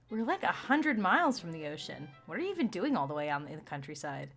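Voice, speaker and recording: A woman's voice: medium pitch, sing-song, moderate pace. A woman streamer reading game dialogue aloud and reacting with frequent giggles. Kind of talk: let's-play commentary and reading game dialogue. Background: game music.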